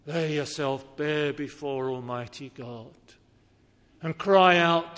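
A man preaches a sermon in a fairly high, slow voice that is a bit bright, clear and resonant. Earnest and pleading, he presses his listeners with questions and rises to emphatic appeals, with the long reverb of a large hall around him.

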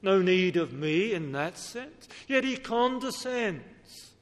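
A man's voice: high-pitched, sing-song, slow. A man preaching a sermon in an earnest, pleading way, pressing his listeners with questions. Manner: earnest, pleading, rising to emphatic appeals. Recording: long reverb of a large hall.

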